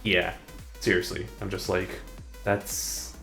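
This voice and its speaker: A man's voice: sits low, little pitch movement, slow, vocal fry, pushed and bright, soft background music. A man streaming and chatting casually, rambling and hesitating as he corrects himself mid-sentence. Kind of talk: casual live-stream commentary.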